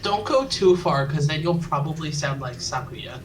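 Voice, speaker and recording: A woman's voice: low-pitched, expressive, normal speed. A woman co-hosting a let's play who talks in a dry, wry way and reads the game's text aloud. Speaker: let's play co-host and narrator. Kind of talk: casual gaming chat and reading game text. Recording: distant mic with background noise.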